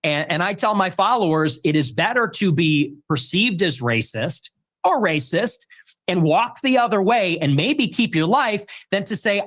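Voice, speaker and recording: A man's voice: sits high, big pitch swings, normal speed, fairly bright tone. A man giving blunt, argumentative answers in an interview clip, his voice jumping up when he mocks others.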